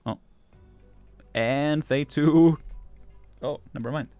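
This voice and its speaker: A man's voice: a little high, slow pace, mellow, no echo, highs cut off, faint music behind. A male VTuber streamer chatting casually and curiously as he reads a game story, laughing often. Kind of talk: casual livestream commentary while reading a game.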